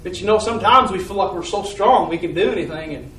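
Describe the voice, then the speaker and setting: A man with a fairly high voice shares a heartfelt testimony, his earnest story rambling along with repeated words and restarts. He sounds a little distant from the microphone, and the room around him rings with echo like a church hall. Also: quick pace, a bit bright. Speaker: church member giving testimony. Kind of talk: personal faith testimony.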